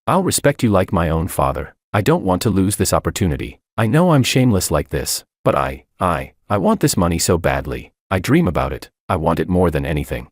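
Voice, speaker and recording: A man's voice: low-pitched, no echo, studio quality, full character voice. A man voicing a desperate, jealous young male student who pleads and then lashes out bitterly. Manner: sobbing pleas turning to bitter rants.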